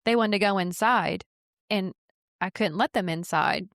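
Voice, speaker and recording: A woman realtor co-hosting a podcast, telling stories in casual chat with animated, excited delivery. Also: medium pitch, normal speed, no echo, clean studio sound. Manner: animated, rising to excited bursts when telling a story.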